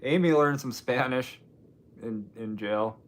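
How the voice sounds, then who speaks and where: A man's voice: medium pitch, takes it slowly. A man from Washington State hosting a casual live stream, rambling and joking while answering viewer comments. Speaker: livestream host.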